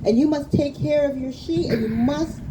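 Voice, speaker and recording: A woman's voice: sits high, pitched above the performer's own voice, lightly acted. A woman voicing an old male creator god who lectures his son, patient and teasing in a live recording with background noise. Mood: knowing. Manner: knowing, teasing, unhurried.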